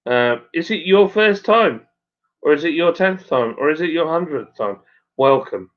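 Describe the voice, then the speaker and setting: A man hosts a relaxed live stream, greeting viewers and reading their messages aloud. His voice rises and falls a lot, and he sometimes stumbles over hard place names. The sound is dull and lo-fi. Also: fairly high pitch, normal speed. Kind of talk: casual live stream chat.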